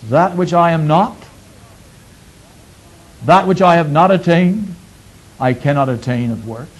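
Male preacher, higher voice, a sermon full of questions to the listeners and repeated phrases. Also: unhurried, breathy edge, poor audio. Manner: swings between loud emphatic peaks and low quiet asides.

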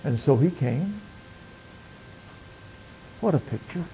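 Male preacher, sermon, fairly high voice, loud then hushed, slow stressed scripture quotes. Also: lively intonation, gravelly, breathy edge, poor audio. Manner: swings from loud emphatic declaiming to quiet murmured asides.

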